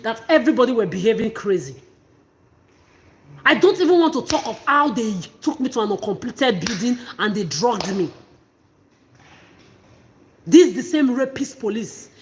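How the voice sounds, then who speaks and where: A woman talking straight to her viewers in an impassioned, emphatic monologue, often repeating herself. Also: fairly high pitch. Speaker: vlogger. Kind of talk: emotional personal monologue to camera.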